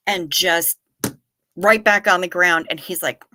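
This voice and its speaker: A woman's voice: sits low, steady tone, normal speed, vocal fry, sharp tone, no echo. A woman hosting a livestream, telling rambling stories with wry asides and answering her chat casually. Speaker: livestream host.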